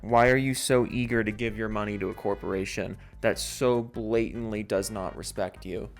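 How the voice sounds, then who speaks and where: A man hosting a gaming commentary channel, ranting angrily and sarcastically with plenty of swearing, then reading out member shoutouts in a jokey way. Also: medium pitch. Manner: angry, sarcastic, profane, jokey.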